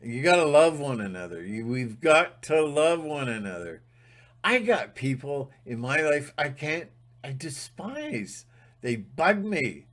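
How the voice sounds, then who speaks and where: A man's voice: a little high, big pitch swings, unhurried, a bit bright. A man giving a rambling, emphatic spiritual monologue, sometimes breaking into mocking mimicry. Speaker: spiritual vlogger.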